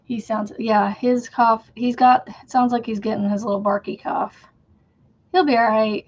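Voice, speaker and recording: A woman's voice: fairly high pitch, level tone, a little slow, a little mellow, dull audio. A woman in her thirties hosting a casual crochet livestream from home, chatting in a rambling way and laughing often as she works. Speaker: crochet channel host.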